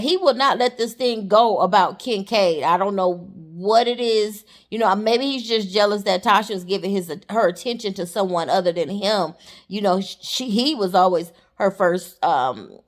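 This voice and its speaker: A woman giving a casual, chatty recap of a TV episode, talking straight to her viewers and calling them honey. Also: mid-range voice. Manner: chatty and animated, calls the viewer honey and y'all. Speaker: TV show recapper.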